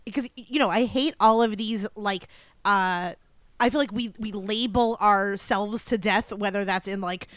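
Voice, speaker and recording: A woman's voice: mid-range voice, measured pace, fairly bright tone, no echo. Giggly chatty woman, dry close voice. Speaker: podcast co-host. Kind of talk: casual chat.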